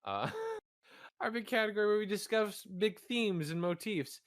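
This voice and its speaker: A man's voice: high-pitched, wildly swooping pitch, unhurried, a bit bright, dry recording, clean studio sound. A young man co-hosting a podcast, talking earnestly and analytically in casual chat, often restarting his sentences. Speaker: podcast co-host.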